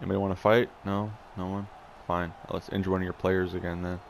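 A young man playing a hockey video game, muttering, swearing in frustration and yelling when excited. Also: low voice, fast talker, creaky, slight background noise. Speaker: gaming YouTuber. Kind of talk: casual gameplay commentary.

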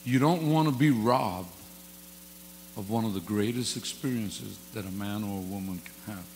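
A man's voice: on the low side, normal speed, darkish tone. Joking folksy preacher man in a reverberant church. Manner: folksy, joking, casual grammar. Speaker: guest pastor. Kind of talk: informal sermon with humorous stories. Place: church hall. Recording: long hall reverb with faint mains hum.

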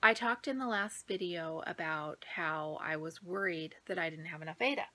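A woman's voice: on the low side, normal speed, bright, forceful tone, a little hiss or hum. A middle-aged woman vlogging casually from home about her stitching projects, out of breath, rambling and sometimes dropping to a near-whisper. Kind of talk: casual chat.

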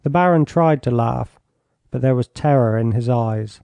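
A man narrating an audiobook in a measured, even storytelling manner on a close studio mic. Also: medium pitch, vocal fry, no room sound. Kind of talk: scripted narration.

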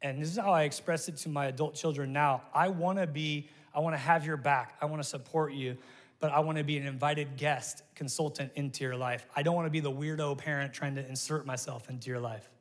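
A middle-aged pastor man preaching with lively, joking energy in a fairly high voice. His words ring out with a long reverb through a large church hall. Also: a little fast. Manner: energetic, jokey, talks straight to the crowd. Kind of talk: sermon.

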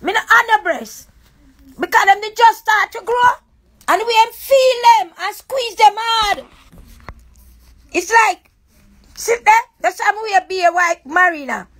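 A woman's voice: extremely high pitch, a little slow, pauses often, fairly bright tone. A woman with a Jamaican accent, ranting on a live stream in a raw, accusing, repetitive way. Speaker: livestreamer. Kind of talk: emotional live-stream rant.

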